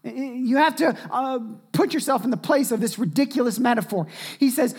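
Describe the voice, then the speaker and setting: Animated male preacher, loud to hushed. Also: very high voice, normal speed, hardly any pauses. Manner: animated, swings from loud shouting to hushed near-whispers. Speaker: pastor. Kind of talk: sermon.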